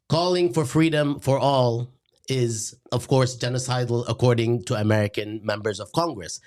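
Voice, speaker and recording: A middle-aged man, hosting a satirical lecture in a deadpan, sarcastic manner. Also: mid-range voice, moderate pace. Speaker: host.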